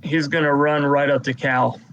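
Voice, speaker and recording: A man with a gravelly edge to his voice runs a tabletop game as game master. He walks through each combat turn at an unhurried pace, with a faint hiss of noise under him. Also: a little high, flat delivery, a bit bright, dull audio. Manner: unhurried narration of combat turns.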